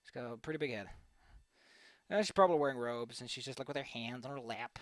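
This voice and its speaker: A man's voice: medium pitch, fast talker, no echo. A young man rambling goofily as he draws on a stream, repeating words playfully and joking to himself. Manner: goofy, rambling, playful repetition. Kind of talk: casual commentary while drawing.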